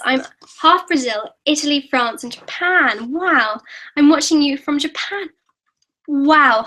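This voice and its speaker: A teenage girl hosts a live Q&A from her computer, reading viewer comments aloud and answering in a chatty, giggly way with quick restarts. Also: high voice, sharp tone, rough recording. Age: teens. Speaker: YouTuber hosting a live Q&A.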